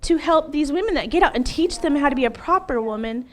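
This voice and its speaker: In an interview, a middle-aged woman shares her personal testimony with emotion and energy, laughing often and acting out things she once said. Her voice is high and fast.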